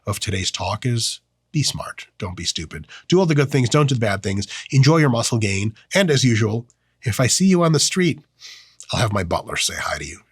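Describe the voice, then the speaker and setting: A man's voice: lowish voice, breathy edge, no echo, clean studio sound. A man hosting a fitness channel, giving a casual, joking, profane lecture on training and diet. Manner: profane, joking, animated delivery. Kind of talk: casual educational monologue.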